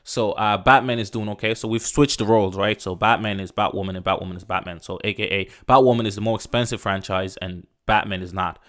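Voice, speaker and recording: A man's voice: fairly low pitch, steady tone, fairly quick, few pauses, fairly bright tone. A man hosting a podcast, ranting in a loose, profane, emphatic way and sprinkling in "bro" and "you know what I'm saying". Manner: loose, rambling, restarts sentences. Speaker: podcast host. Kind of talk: casual rant.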